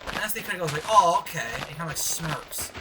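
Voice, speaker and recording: A man's voice: on the high side, very fast. A young man from Canada casually telling work stories as a podcast co-host, rambling with many fillers and bursts of animation. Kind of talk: casual storytelling over gameplay. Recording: distant mic with clear background noise.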